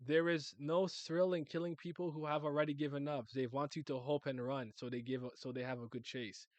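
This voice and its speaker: A man's voice: steady tone, a little fast, a little mellow, dry recording, lightly acted. A man reading a sneering cruel noble. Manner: mocking, low and sneering. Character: cruel male noble hunter, mocking and cold.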